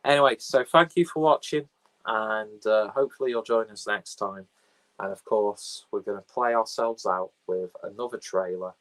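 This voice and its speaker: A man's voice: on the low side, moderate pace, a bit bright, low-quality recording. A man hosting a casual film podcast, rambling and offhand with crude jokes, recorded on a phone camera. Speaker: podcast host.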